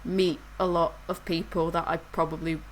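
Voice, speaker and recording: A woman's voice: on the low side, little pitch movement, normal speed, a little hiss or hum, rough recording. Chatty woman telling a story. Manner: rambling storyteller, laughs through anecdotes. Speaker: podcast co-host. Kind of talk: casual chat.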